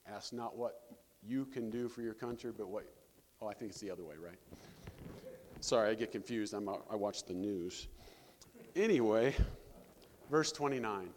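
A man preaching a sermon as pastor, animated, breaking scripture readings with joking asides. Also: lowish voice, moderate pace, long pauses, slight background noise. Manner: animated, jokey asides, reads scripture with rising emphasis. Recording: long reverb of a hall.

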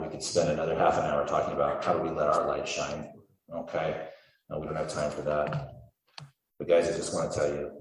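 A man preaching a sermon, reading scripture with earnest, rising emphasis and addressing the congregation directly. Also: extremely low pitch. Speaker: pastor. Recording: echoey hall, speaker far from mic.

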